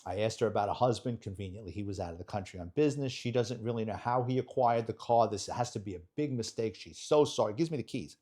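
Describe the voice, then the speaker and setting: A middle-aged man, a retired detective telling a story as an interview guest, in a blunt, animated, street-wise way. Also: on the low side, quick pace, hardly any pauses.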